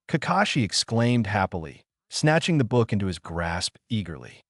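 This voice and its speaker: A man narrating a fan fiction story in a lively reading voice. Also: lowish voice, normal speed, few pauses, no echo, studio quality.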